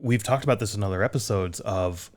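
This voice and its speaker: A man's voice: on the low side, brisk. An American man co-hosting a metal music podcast, chatting casually and rambling with self-deprecating jokes. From United States. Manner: rambling, self-deprecating, laughs at own slips. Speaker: podcast co-host. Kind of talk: casual chat.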